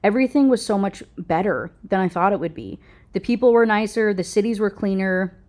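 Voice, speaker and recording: A woman reading aloud as a confident grown daughter who speaks in a crisp, pointed, coolly triumphant way. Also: medium pitch, expressive, brisk, darkish tone, lightly acted.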